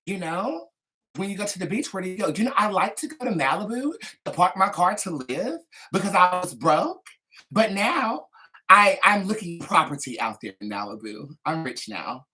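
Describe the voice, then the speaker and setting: A woman's voice: fairly low pitch, very animated, normal speed, pushed and bright. A woman hosting a live tarot stream, chatting in a sassy, gossipy way between readings. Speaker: tarot reader and livestream host. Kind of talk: casual livestream chat and tarot reading.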